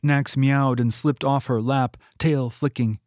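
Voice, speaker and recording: A man reading his own novel aloud in steady audiobook narration. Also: medium pitch, unhurried, no room sound, clean studio sound. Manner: steady, even storytelling.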